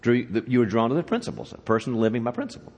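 A man addresses a church leadership conference in a medium-pitched voice with a breathy edge, talking fast. He tells a joke in an animated, conversational way and poses questions to the crowd, with the sound echoing through a reverberant hall.

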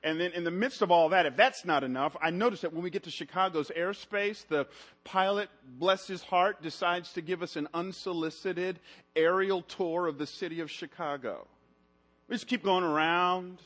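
A man preaching a sermon, telling stories and swinging between loud, lively stretches and hushed, low passages. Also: moderate pace.

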